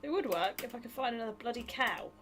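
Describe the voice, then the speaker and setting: A young woman from Britain co-streaming a game, chatty and quick to laugh. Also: a little high, expressive, a bit bright, a little hiss or hum. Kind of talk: casual game stream chat. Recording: faint keyboard clicks behind.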